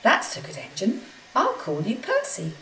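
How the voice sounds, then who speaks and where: The Fat Controller, a stern railway boss. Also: female voice, medium pitch, wildly swooping pitch, a bit bright, slight background noise, voice pushed up. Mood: kind. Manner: brisk and commanding. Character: stern portly railway boss, fussy but fair. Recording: echoey room, distant mic, faint music.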